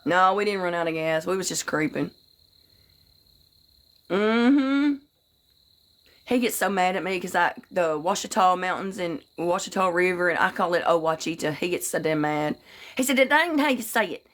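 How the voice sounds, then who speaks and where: A woman's voice: lowish voice, normal speed, long pauses. Folksy, cussing woman chatting on a livestream. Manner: folksy, swears casually, greets viewers by name; tells rambling anecdotes. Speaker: livestream host. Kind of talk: casual livestream chat with viewers.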